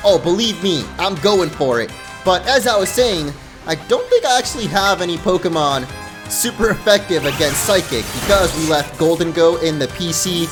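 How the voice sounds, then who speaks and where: A man hosting a let's play, giving upbeat, excitable gameplay commentary. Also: sits high, moderate pace, faint music behind.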